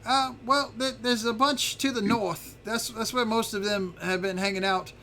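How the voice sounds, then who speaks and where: A man voicing a small boastful male dragon creature who rambles excitedly. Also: sits high, moderate pace, a little hiss or hum, voice pushed up. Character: boastful little male dragon, kobold-like, chatty.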